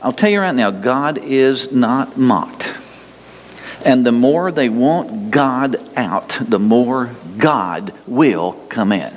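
A man in the middle pitch range preaching with folksy emphasis, stretching key phrases slowly and circling back to repeat them. His voice rings out with a long reverb tail, as in a large hall. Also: expressive. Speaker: pastor. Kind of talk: sermon.

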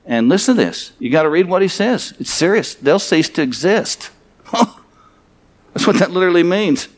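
A man with a high voice preaches with fervor, driving his points home through repetition and rhetorical questions. He speaks as a pastor closing his sermon and leading his congregation into prayer. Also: animated, normal speed. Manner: fervent and emphatic, repeating phrases and asking rhetorical questions.

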